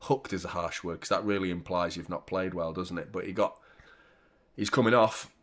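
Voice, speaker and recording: Excitable man reacting to football. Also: low-pitched, moderate pace. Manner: laid-back chat that jumps to loud excited reactions. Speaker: watchalong host. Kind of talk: live football watchalong commentary.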